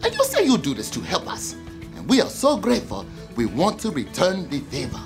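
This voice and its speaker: A man reading a mock open letter in a deliberately bad, exaggerated put-on African accent, from a comedy sketch clip. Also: sits high, huge pitch swings, pitched above the performer's own voice, exaggerated voice. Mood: mock-earnest. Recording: sketch clip with music underneath. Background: music.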